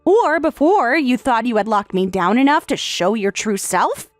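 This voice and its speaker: A synthetic female voice reads a story as a tired young wife who defiantly talks back with firm, pointed replies. The text-to-speech voice is fairly high and very animated at a moderate pace, in studio quality with no room sound and soft music underneath.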